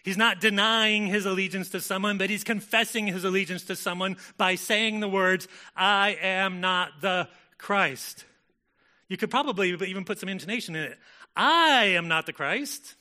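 A man delivers a sermon in a loose, conversational way, often pausing with filler words and restarting his sentences. His voice sits a little high for a man and sounds very bright and cutting. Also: steady tone. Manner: conversational, frequent "like" fillers, self-correcting. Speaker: pastor.

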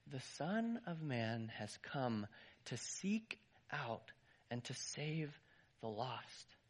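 A gentle, solemn teacher speaking slowly and softly , as a preacher voices him. The tone is husky and quiet. It is set within a church storytelling. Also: male voice, mid-range voice, very animated, exaggerated voice.

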